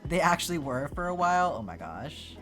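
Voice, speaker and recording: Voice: mid-range voice, sing-song, brisk, a bit bright. Chatty streamer from Georgia, music behind. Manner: chatty, thinks aloud with many "like"s and restarts. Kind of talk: casual chat, reading and answering live chat. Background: background music.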